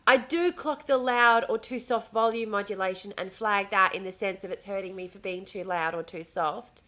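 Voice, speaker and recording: Bright and forceful, her mid-range voice moves at normal speed as this Australian woman livestreams from home. She chats casually into a desk mic, smiling and swearing freely.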